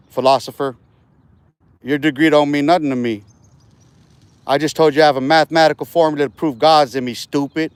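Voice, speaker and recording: A man's voice: a little high, clean tone, no room sound. A man livestreaming outdoors in a park while walking, talking casual street slang and boasting with profanity.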